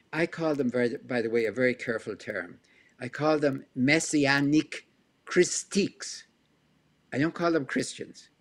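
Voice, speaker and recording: A male historian answering an interview question, explaining lively and firing off rhetorical questions, with chuckles between points. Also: fairly high pitch. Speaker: historian guest.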